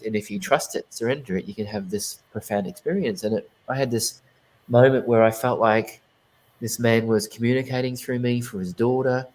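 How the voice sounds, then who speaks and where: A man's voice: fairly low pitch, a little mellow, low-quality recording. A man, a guest psychic medium, telling his story in a casual interview, earnest and rambling with many restarts.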